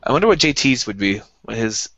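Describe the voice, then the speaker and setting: A man co-hosting a podcast, chatting casually and telling animated stories. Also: medium pitch, fairly quick, no room sound, lo-fi sound. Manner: animated storyteller who acts out friends' voices. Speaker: podcast co-host. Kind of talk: casual chat.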